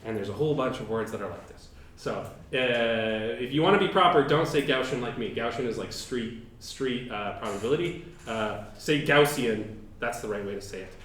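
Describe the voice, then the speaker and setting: A male professor explains a topic to his class in a relaxed, conversational way. He fills his talk with "like" and "um" and often restarts his sentences. His mid-range voice rings out in an echoey lecture room. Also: mid-range voice, moderate pace, slight background noise. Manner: casual, chatty explaining with many fillers. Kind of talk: university lecture. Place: lecture hall.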